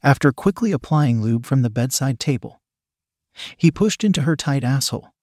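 A man narrating an adult story with a steady, even read-aloud delivery. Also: medium pitch, normal speed, no echo, studio quality.

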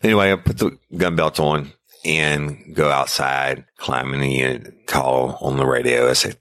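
A man's voice: rumbling low, fairly even intonation, moderate pace, a bit bright, no room sound. A middle-aged man, a former deputy, bluntly and profanely telling a first-person story about a police call. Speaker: podcast host, former sheriff's deputy.

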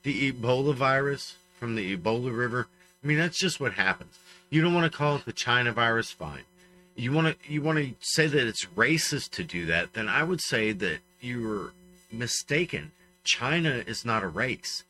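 A man's voice: mid-range voice, expressive, normal speed, bright, forceful tone, faint music behind. A man co-hosting a casual talk show, making emphatic, opinionated points. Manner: emphatic, opinionated, punchy rants. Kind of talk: casual banter.

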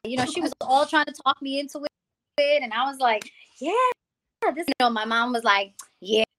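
A woman from the Bronx, giving a lively personal testimony as an interview guest and acting out the people she quotes. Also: high voice, moderate pace, a little hiss or hum. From the Bronx, New York. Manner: animated storytelling, acting out quoted people, calls the host "girl". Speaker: guest, music founder.

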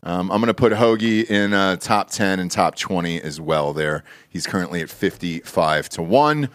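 Podcast host: a lower-voiced man, loose, jokey and profane, recorded dry and close. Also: moderate pace, no echo. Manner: profane, joking, animated. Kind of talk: casual golf betting chat.

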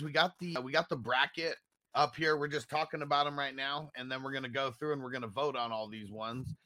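A man's voice: medium pitch, bright, forceful tone, no echo. A man hosting a casual chat show, upbeat and laughing often as he talks to listeners about a bracket. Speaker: podcast host.

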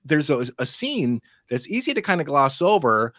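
A man co-hosting a casual film podcast, relaxed and candid, swearing casually. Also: a little high, normal speed, dry recording, studio quality. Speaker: podcast co-host.

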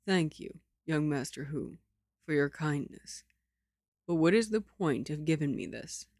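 A woman's voice: low-pitched, expressive, measured pace, a little mellow, no echo, clean studio sound, voice pushed down, heavily acted. A woman voicing a young male doctor who speaks in a cool, sardonic way. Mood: cold.

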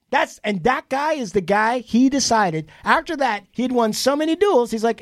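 A man's voice: very high-pitched, lively intonation, moderate pace, hardly any pauses, dry recording, studio quality. A man co-hosting a podcast, telling a long story in casual chat, swearing freely and acting out the quotes. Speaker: podcast co-host. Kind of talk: casual storytelling among friends.

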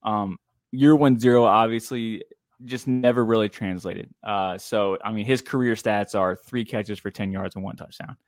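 A man with a lowish voice co-hosts a casual sports podcast, loose and offhand with plenty of fillers. His opinions come out blunt. The sound is close and dry. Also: steady tone, normal speed, no room sound. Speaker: podcast co-host. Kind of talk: casual fantasy football podcast talk.

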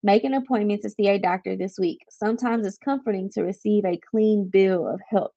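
A woman hosts a personal podcast in a candid, confiding way, now and then reading passages aloud from a book. Her voice sits at an ordinary middle pitch. The recording sounds a little dull and lo-fi. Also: steady tone, a little fast, gravelly, warm tone. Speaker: podcast host. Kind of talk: casual personal podcast talk.

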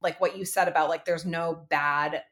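Chatty woman podcast host, low voice. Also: steady tone, moderate pace, fairly bright tone. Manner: chatty, many fillers and restarts. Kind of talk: casual parenting chat.

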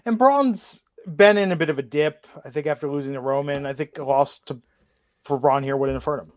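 A man's voice: a little high, fairly quick, dry recording. Man recapping wrestling, dry close sound. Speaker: podcast co-host. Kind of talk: casual wrestling recap chat.

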